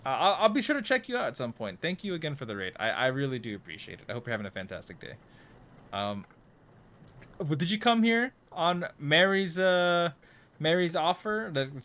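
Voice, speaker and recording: A young man livestreaming a horror game, talking to his chat in a jittery, nervous way and often trailing off into quiet mumbles. His voice sits a little high for a man. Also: very animated, brisk. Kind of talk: casual live commentary while playing a horror game.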